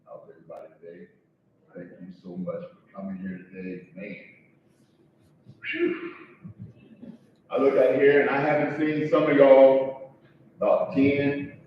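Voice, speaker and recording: A man's voice: medium pitch, unhurried, pauses often. A man, a son, giving a heartfelt, conversational eulogy with joking asides. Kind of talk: emotional eulogy speech. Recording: echoey, distant, dull sound with faint background noise.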